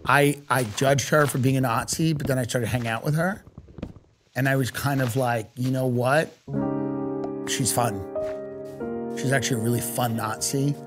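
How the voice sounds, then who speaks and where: A man voicing a young actress who talks in a soft, low, confessional ramble. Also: steady tone, normal speed, long pauses, music in the background, lightly acted. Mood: earnest.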